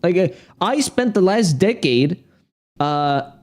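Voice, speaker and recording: Young male streamer, high voice, rambling profane rant. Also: animated, slow pace, darkish tone. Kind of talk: casual livestream rant.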